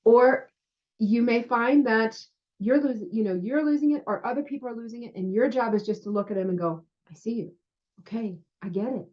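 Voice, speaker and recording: A woman's voice: a little high, fairly quick. Chatty woman healer, dull lo-fi audio. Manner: chatty, often asks "right?" and says "you know". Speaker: spiritual healer and intuitive guide. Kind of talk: casual spiritual monologue to viewers.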